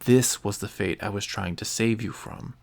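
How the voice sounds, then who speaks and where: A man's voice: on the low side, moderate pace, creaky. A man reading as a sorrowful older master. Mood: pleading.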